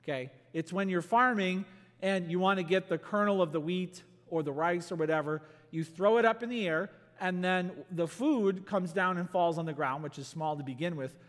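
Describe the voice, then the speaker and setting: A pastor delivering a sermon, teaching through a passage with emphatic bursts and slowed, stressed phrases. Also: male voice, high voice. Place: church sanctuary. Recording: long reverb of a church hall.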